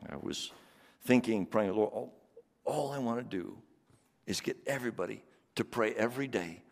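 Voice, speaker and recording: A man's voice: lowish voice, expressive, normal speed, long reverb tail. A male pastor preaching a sermon, building emphasis through repeated phrases.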